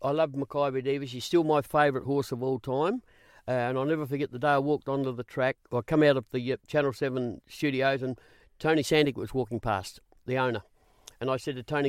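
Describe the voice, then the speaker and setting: A man with an Australian accent tells stories from his years on the racetrack as an interview guest. He keeps the tale moving with repeated "I said" and lively retold dialogue. His voice sits in a middle pitch and sounds dry and close. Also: a little fast, clear, resonant tone, dry recording. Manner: animated, repeats "I said" while retelling. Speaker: guest, former racing interviewer. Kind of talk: storytelling in an interview.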